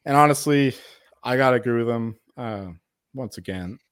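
A man's voice: mid-range voice, normal speed, smooth, dry recording, studio quality. A tipsy man co-hosting a casual sports podcast, swearing and teasing his co-host. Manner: profane, teasing. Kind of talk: casual chat.

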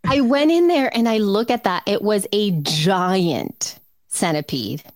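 A woman's voice: mid-range voice, lively intonation, a little slow, no echo, studio quality. A woman in her thirties, co-hosting a casual chat, telling a story with many fillers and restarts. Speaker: podcast co-host.

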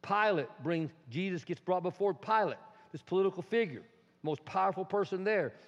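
A man preaching a sermon as a pastor, swinging between loud and hushed delivery and acting out quotes. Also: high-pitched, lively intonation, moderate pace. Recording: dull sound in a reverberant hall.

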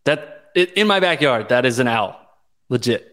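Man, from Oklahoma, podcast co-host, relaxed sports analysis, easygoing, medium pitch. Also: moderate pace. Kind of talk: casual sports podcast recap.

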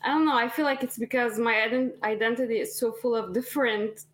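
A woman's voice: a little high, fairly even intonation, brisk. Woman, French-Arabic mixed accent, thoughtful and hesitant interview guest. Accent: mix of French and Arabic. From Canada. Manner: reflective, hesitant, with many restarts. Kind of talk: casual interview chat.

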